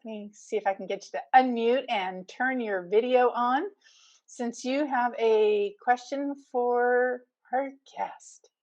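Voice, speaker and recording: A woman moderates an online Q&A in a chatty, slightly flustered way. Her voice sits a bit high. The sound is dull and lo-fi. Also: slow, darkish tone. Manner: chatty, laughs easily, flustered. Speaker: event host and moderator. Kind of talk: moderating a video call Q&A.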